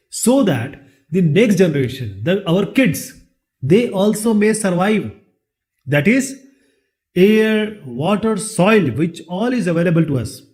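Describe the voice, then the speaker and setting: A man's voice: high-pitched, darkish tone. A man with an Indian English accent teaching a lesson, asking rhetorical questions and then answering them himself. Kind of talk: classroom lecture.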